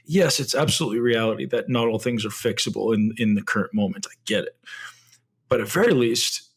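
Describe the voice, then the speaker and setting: A man's voice: mid-range voice, brisk, vocal fry, breathy edge. A man hosting a solo podcast, speaking reflectively and often ending points with rhetorical tag questions. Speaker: podcast host.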